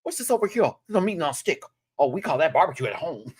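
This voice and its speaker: A man's voice: a little high, big pitch swings, very fast, husky, voice pushed up. A man doing an impression of a sassy, brash drag queen who calls everyone girl. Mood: sassy teasing.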